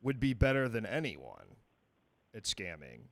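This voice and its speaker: Thirties male host, laid-back and halting, dry close mic. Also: fairly low pitch, very animated, a bit bright, no echo. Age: 30s. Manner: easygoing, hesitant with many restarts. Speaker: streamer host. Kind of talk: casual advice stream chat.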